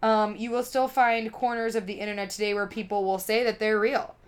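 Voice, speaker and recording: A woman's voice: mid-range voice, little pitch movement, brisk, clear, resonant tone. Giggly, profane woman telling a story. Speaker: podcast co-host. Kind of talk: casual chat, storytelling.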